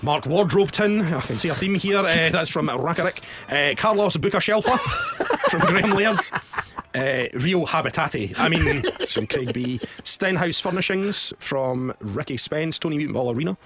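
Lively Scottish man hosting a podcast. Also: on the high side, normal speed. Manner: teasing, reads listener jokes out with chuckles. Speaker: podcast co-host. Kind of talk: casual podcast chat.

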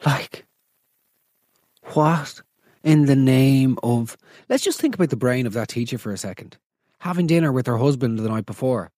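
A man's voice: medium pitch, sing-song, normal speed, long pauses, mellow, dry recording, clean studio sound. A man hosting a comedy podcast, delivering sarcastic, incredulous roast commentary and acting out little scenes. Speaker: podcast host.

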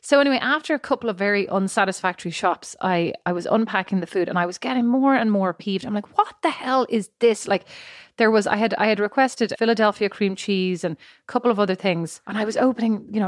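A middle-aged woman from Ireland co-hosting a relaxed chat show. She spins her stories with animated, acted-out quotes. Her voice sits mid-range and sounds dry and close to the mic. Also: medium pitch, fast, few pauses, no room sound. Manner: animated storytelling, acts out quotes. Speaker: podcast co-host. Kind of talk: casual chat. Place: home, living in the US.

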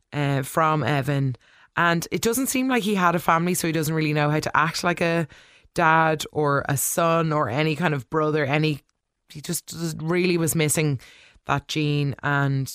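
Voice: medium pitch, a bit bright, clean tone, no echo, studio quality. A vlogger giving a casual, opinionated episode recap in a chatty way, often talking back to the characters. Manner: chatty, opinionated, full of "like" and asides. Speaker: soap opera recap vlogger.

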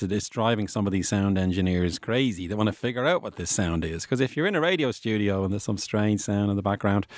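A man with a booming voice, hosting a science podcast in a rambling, chatty way. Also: dry recording, clean studio sound. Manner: rambling, chatty, conversational with restarts. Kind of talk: casual explanatory podcast talk. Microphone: studio microphone.

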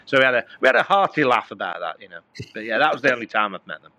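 A man's voice: mid-range voice, sing-song, racing, bright, forceful tone, dry recording. A middle-aged man, a guest musician, telling rambling anecdotes in casual conversation with many fillers and restarts.

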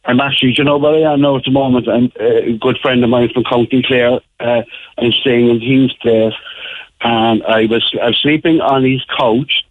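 A man's voice: medium pitch, steady tone, normal speed. An Irish man calling in from abroad, chatting and joking with lots of fillers. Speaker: caller abroad. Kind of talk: casual phone chat. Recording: tinny phone line.

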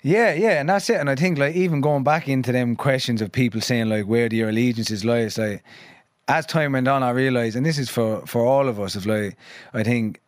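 A man's voice: medium pitch, a little fast, dry recording, clean studio sound. A man in his thirties from London and Ireland, a guest musician rambling in casual conversation with lots of fillers and swearing.

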